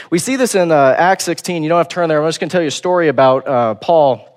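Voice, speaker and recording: A man preaching a sermon in a casual, conversational way, acting out quotes in a relaxed voice. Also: fairly high pitch, fast.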